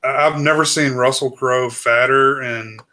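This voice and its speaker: A man's voice: mid-range voice, steady tone, a little slow, sharp tone. A man co-hosting a podcast, dropping short wry remarks in a casual movie chat. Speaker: podcast co-host.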